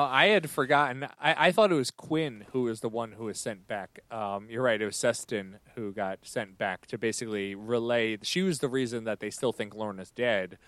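A man co-hosting a podcast in relaxed, hesitant casual chat. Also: lowish voice, no echo. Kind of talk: casual chat about an audio drama.

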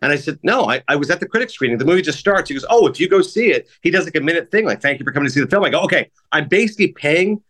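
A man co-hosting a casual podcast, reviewing films and telling animated stories with acted-out quotes. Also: fairly high pitch, very fast, few pauses. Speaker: film critic and co-host.

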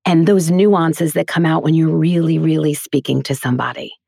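A woman's voice: low-pitched, fairly even intonation, moderate pace, creaky, mellow, breathy edge, no echo, studio quality. A woman who teaches voiceover acting, talking earnestly and emphatically in a casual podcast interview.

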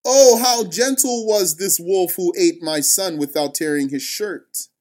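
A man voicing a grieving old father who asks after his missing son, raised in pitch and strained. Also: a little slow, darkish tone. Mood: sarcastic. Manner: pleading, then bitterly sarcastic.

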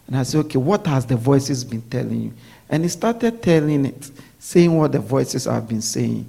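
A man's voice: medium pitch, expressive, normal speed, gravelly, warm tone, slightly rough. A man preaching a sermon, repeating his points and often asking his listeners whether they follow. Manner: repetitive preaching, checks in with listeners.

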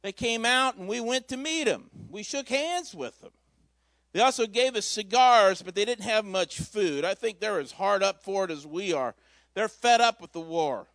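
A man's voice: high voice, animated, moderate pace, fairly bright tone, no echo. A man preaching a Christmas Eve sermon in a church, telling a story in a folksy, conversational way with asides. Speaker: pastor.

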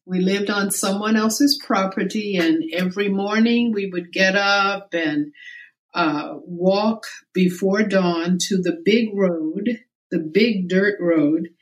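An older woman from the American South, a guest in an interview, telling a personal childhood story slowly and reflectively. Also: mid-range voice. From South Carolina, US. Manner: slow, reflective storytelling with quoted voices.

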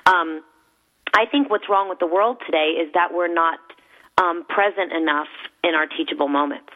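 A woman's voice: on the low side, normal speed. A woman guest who works with companies and salespeople, speaking in a thoughtful, reflective way. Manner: thoughtful, reflective, often starts with "I think". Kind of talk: casual conversation. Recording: phone-like narrow sound.

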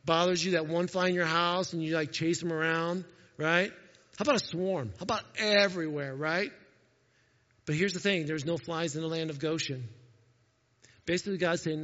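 A man preaching a sermon as a pastor, animated and jokey, talking straight to his congregation. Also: a little high, normal speed. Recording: echoey hall, dull lo-fi sound.

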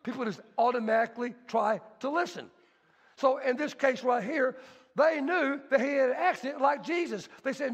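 A male pastor delivers an emphatic sermon in a notably high voice with a gravelly fry. He drops to soft asides and then rises again. His words ring out with a long hall reverb. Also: lively intonation, measured pace. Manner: emphatic, shifts between soft and shouted delivery, asks congregation.

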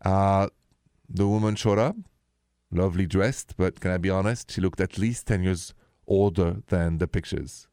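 A man's voice: sits low, steady tone, normal speed, dark tone, no echo, clean studio sound. A man, hosting a late-night radio call-in show and confiding about his own dating life. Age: 50s. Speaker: radio host.

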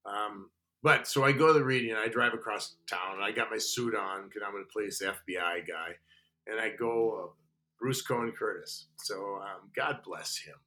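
An older man telling stories as a guest in a casual interview. His voice is bright and forward, and he talks in an animated way, restarting sentences and peppering them with "you know". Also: on the low side, normal speed. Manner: animated, restarts and lots of 'you know'. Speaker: guest actor.

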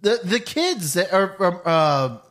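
Male podcast co-host, high-ish lively voice, rambling casual talk. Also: slow. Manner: loose and rambling, full of "like" and questions. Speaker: podcast co-host reviewing a movie. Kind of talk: casual chat.

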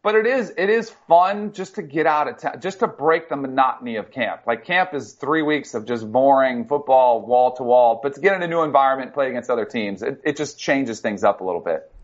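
A man's voice: medium pitch, brisk, hardly any pauses. Man telling sports stories, lo-fi sound. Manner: animated storyteller, many fillers. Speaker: co-host, former football player. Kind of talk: casual sports talk.

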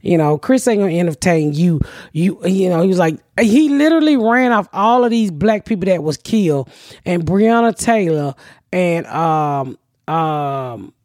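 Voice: mid-range voice, unhurried, no room sound, clean studio sound. A podcast co-host telling a story in casual chat, swearing freely and acting out what other people said. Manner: profane, animated storyteller acting out quotes.

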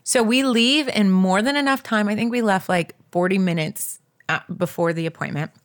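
A woman's voice: medium pitch, normal speed. A woman co-hosting a casual chat, telling a story animatedly, full of "like" and addressing listeners as "you guys". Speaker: podcast co-host.

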